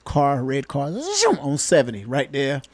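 A man's voice: mid-range voice, little pitch movement, unhurried, darkish tone, no echo. A man, a retired police officer turned comedian, co-hosting a podcast and telling a casual, folksy story with laid-back colloquial phrasing.

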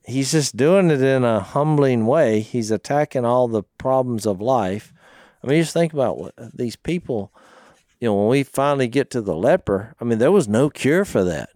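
A man's voice: mid-range voice, expressive, moderate pace, darkish tone, no echo. A man co-hosting a casual Bible talk. He tells stories with animation and acts out the people he quotes. His voice sits in the middle range and is recorded dry and close. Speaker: podcast co-host.

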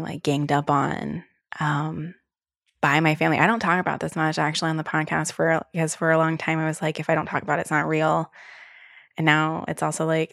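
A woman's voice: deep voice, gravelly, fairly bright tone, dry recording, clean studio sound. A young adult woman hosting a solo podcast, talking candidly and casually with lots of fillers and the odd swear word. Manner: candid, chatty, swears freely, many fillers. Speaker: podcast host.

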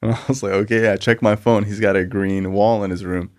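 Male host, lowish voice, easygoing and rambling. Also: steady tone, a little fast. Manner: laid-back, peppered with "like" and "you know". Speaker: podcast host. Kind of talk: casual recovery talk.

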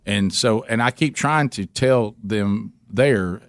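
Male radio host, animated storyteller. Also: fairly low pitch, slow, no room sound, clean studio sound. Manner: animated storyteller, jokey asides; clowns through a mangled French accent. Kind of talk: casual morning-show banter.

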